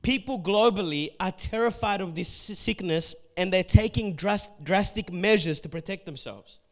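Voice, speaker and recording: A man from Ethiopia preaching a sermon as pastor, animated and acting out the people he quotes. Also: high voice, normal speed. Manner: animated, acts out quotes in shifting voices.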